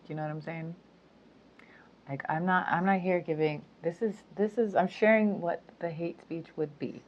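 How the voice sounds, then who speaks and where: A spiritual speaker with a lowish, fairly even voice talks casually to her viewers at a normal pace in a monologue to camera. She's chatty, giggling often and using plenty of fillers, and the lo-fi recording sounds dull.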